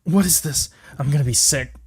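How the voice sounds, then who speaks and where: A man's voice: fairly high pitch, fairly quick, a little mellow, slightly rough. A man casually commenting as he plays a horror game, in a wry, chatty manner. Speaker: let's play host. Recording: music playing behind.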